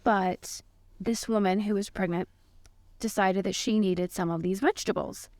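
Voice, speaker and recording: A woman co-hosting a podcast, telling a made-up case in a mock-serious, deadpan way. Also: mid-range voice, normal speed, no echo. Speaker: podcast co-host presenting a case. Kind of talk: casual podcast chat.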